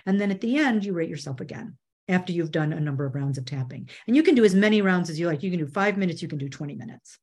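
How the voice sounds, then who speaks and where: A woman's voice: on the low side, animated, quick pace, a little mellow, slightly rough. A woman media trainer speaking as an interview guest, earnest and conversational, often restarting her sentences. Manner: earnest, with frequent restarts and "you know".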